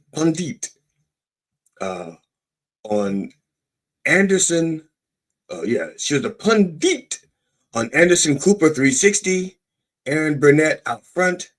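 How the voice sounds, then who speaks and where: A man hosting a podcast, reading news items and breaking off into profane, sarcastic asides in a mock-preacher manner. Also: medium pitch. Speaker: podcast host. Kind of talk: irreverent satirical commentary.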